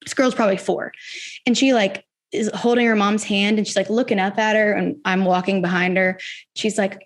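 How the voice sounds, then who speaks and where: A woman's voice: mid-range voice, fairly quick. This is a young adult woman from the Memphis area, co-hosting a casual sports podcast. She tells stories with a lot of energy and slips into imitations of the people she quotes. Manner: animated storyteller, acts out quoted voices. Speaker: podcast co-host.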